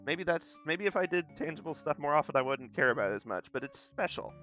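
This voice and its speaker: Young man, light Southern accent, rambling and folksy, bright tense voice, dull recording with faint guitar music. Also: on the high side, lively intonation, fast talker. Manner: rambling, self-deprecating, folksy. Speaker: art streamer. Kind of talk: casual chat while drawing.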